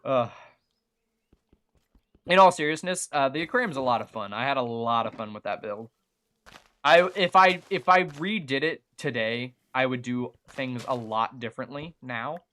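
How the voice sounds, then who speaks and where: A young man with a mild Southern American accent talks through a game livestream in a loose, rambling way, stopping and restarting his thoughts. His voice sits at a middling pitch with a bright, forward edge. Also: normal speed. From Southern United States. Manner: rambling, chatty, many fillers and restarts. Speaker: gaming livestreamer. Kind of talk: casual livestream chat while playing.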